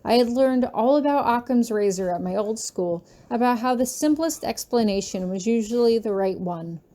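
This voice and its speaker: A woman reads a fanfiction chapter aloud as a first-person audiobook. Her voice is fairly high but mellow and warm-toned, never bright. She delivers the narration earnestly, leaning into its emotional moments. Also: lively intonation, normal speed. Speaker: fanfiction reader.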